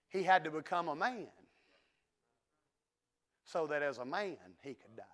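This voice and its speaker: A man's voice: a little high, animated, measured pace. Impassioned preacher man. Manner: impassioned preaching, swings from hushed asides to loud declarations. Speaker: pastor. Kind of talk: sermon. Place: church sanctuary.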